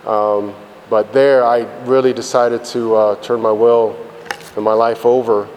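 A man's voice: mid-range voice, flat delivery, measured pace, darkish tone. A man giving a blunt, profane personal testimony about his recovery, rambling with lots of fillers. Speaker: speaker sharing his recovery story. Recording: reverberant hall with faint background noise.

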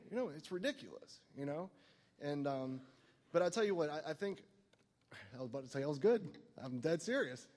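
A man's voice: a little high, expressive, fairly quick, a little mellow, in a large hall. A man telling his personal recovery story to a meeting, rambling and self-mocking, filling his talk with "like" and "you know". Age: adult, no longer young.

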